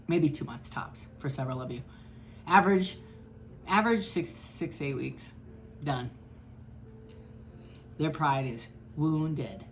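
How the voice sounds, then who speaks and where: Low-pitched woman tarot reader, blunt and chatty, faint background hiss. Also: gravelly. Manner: chatty, blunt, swears freely. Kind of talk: casual tarot reading.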